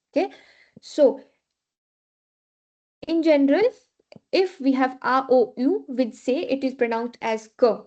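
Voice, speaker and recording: A woman's voice: high voice, a little mellow. A woman teaching a French class, patiently repeating rules and checking in with "okay". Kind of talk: live online class teaching. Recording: dull lo-fi class recording.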